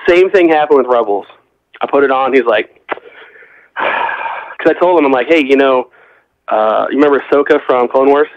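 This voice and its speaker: A man's voice: medium pitch, moderate pace, pauses often, no room sound. A middle-aged man, a podcast guest, telling rambling stories in casual chat and quoting other people as he goes. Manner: rambling storyteller, quotes others in conversation. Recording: dull lo-fi podcast audio.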